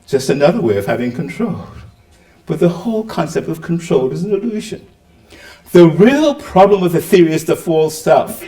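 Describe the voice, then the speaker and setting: Animated man lecturing in an echoey hall. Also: on the high side, normal speed. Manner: animated, rhetorical questions, acts out quotes. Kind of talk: public lecture. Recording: roomy hall, mic at a distance.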